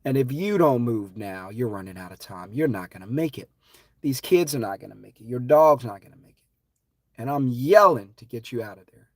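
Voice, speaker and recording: A man hosting a live stream, talking in an impassioned, preachy way that swings from loud to hushed. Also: medium pitch, lively intonation, moderate pace, no echo, studio quality.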